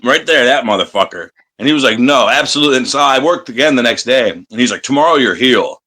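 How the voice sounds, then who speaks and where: A man from the United States, a professional wrestler, telling profane, animated stories in a casual interview and acting out crowd chants. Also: mid-range voice, fast talker.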